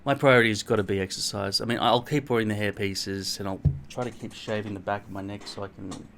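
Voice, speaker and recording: A man's voice: lowish voice, fairly even intonation, fast talker, fairly bright tone, faint music behind. A middle-aged Australian man vlogging at home in a rambling, blunt, self-mocking way, swearing freely. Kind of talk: casual rambling monologue to camera.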